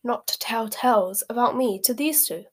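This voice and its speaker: A woman reading aloud as a sharp, defiant teenage girl with a cool manner. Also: fairly high pitch, normal speed, breathy edge. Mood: angry. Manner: cool and cutting.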